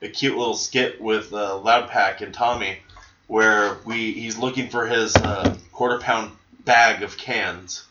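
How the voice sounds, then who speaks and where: A man's voice: fairly low pitch, a little slow, lo-fi sound, noisy background. A man telling a story in casual podcast chat, acting out the people in it. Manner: animated storyteller, acts out voices in his stories.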